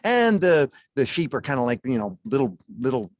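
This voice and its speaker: A man chatting his way through a wine presentation on a video call. His voice is mid-pitched, folksy and easygoing, with little chuckles along the way. The sound is close and dry. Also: sing-song, moderate pace, no room sound. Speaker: wine presenter at a charity gala.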